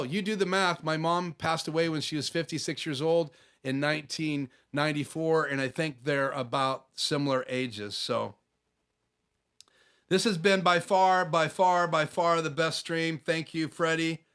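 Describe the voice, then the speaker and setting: A man with a voice a touch higher than usual hosts a relaxed live stream from his home office. He talks in a loose, chatty way, reading out viewer comments and answering each one. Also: clean tone. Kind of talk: casual live stream chat.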